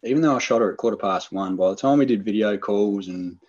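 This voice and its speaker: Excitable man telling a story. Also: fairly low pitch, quick pace, lo-fi sound. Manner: animated, excited storyteller, acts out quoted lines. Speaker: podcast guest telling a hunting story. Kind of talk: casual storytelling chat.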